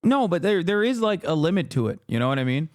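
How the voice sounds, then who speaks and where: A man hosting a livestream, giving heated political commentary in a loud, profane, ranting way. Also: a little high, sing-song, fast talker, no echo, studio quality. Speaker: livestream host reacting to clips.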